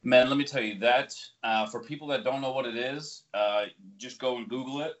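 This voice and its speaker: A man co-hosting a casual chat, telling animated stories and laughing often. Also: mid-range voice, fairly quick. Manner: animated storyteller, acts out quoted voices, laughs often. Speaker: podcast co-host. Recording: dull lo-fi audio.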